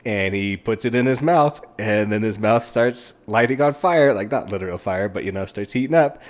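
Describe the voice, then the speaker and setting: A man with a fairly low voice talks through a book on his podcast in a loose, rambling way. He gets animated and keeps slipping into the characters' lines as he recaps them. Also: moderate pace. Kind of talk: casual solo book review.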